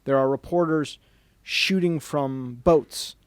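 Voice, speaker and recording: A man speaking to an audience at a bookstore event, telling a story in a lively way and dropping to a hushed voice when he quotes people. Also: on the high side, takes it slowly, smooth, dry recording. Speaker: author giving a book talk. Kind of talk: storytelling book talk.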